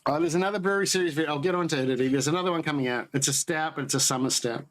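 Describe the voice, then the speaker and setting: A man's voice: a little high, rapid-fire, rough recording. Rambling man hosting a live chat. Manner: rambling, self-correcting, tasting beer on stream. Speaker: homebrewing livestream host.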